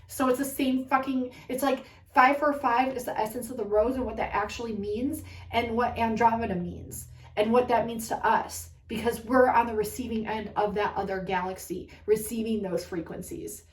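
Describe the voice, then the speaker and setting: A woman's voice: fairly high pitch, steady tone, normal speed, hardly any pauses. A woman giving a spiritual reading in a heated, rambling rant, swearing often. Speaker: spiritual reader. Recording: echoey room, far from mic.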